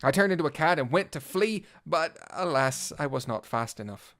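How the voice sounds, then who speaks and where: A man reads a first-person fan audio drama as a vain, gallant cat-knight bard, his speech ornate and old-fashioned as he lurches from pompous to flustered. His fairly high, expressive voice is a bit bright and moves at a moderate pace, with a storytelling mood.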